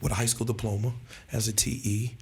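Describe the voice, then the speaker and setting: Gravelly-voiced man telling a story. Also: on the low side, a little fast. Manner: animated storyteller who acts out quoted voices and laughs often. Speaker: pastor and church planter. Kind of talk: storytelling in a podcast conversation.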